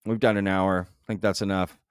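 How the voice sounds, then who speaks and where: Deep-voiced man hosting a live stream. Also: little pitch movement, a little fast, smooth, dry recording, studio quality. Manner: loose and conversational, full of fillers. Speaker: show host. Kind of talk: casual live-stream chat. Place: home live-stream setup.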